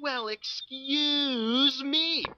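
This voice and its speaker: A man voicing a cocky young male cartoon hero, speaking with a sarcastic, drawn-out teasing delivery. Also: extremely high pitch, sharp tone, heavily acted. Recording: dull lo-fi cartoon clip with music.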